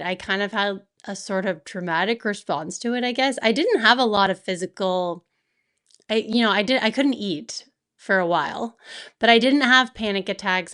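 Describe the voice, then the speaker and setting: A woman guest speaking in an interview, open and reflective, often laughing softly as she talks. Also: mid-range voice, clear, resonant tone. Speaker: author and guest. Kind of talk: candid interview conversation.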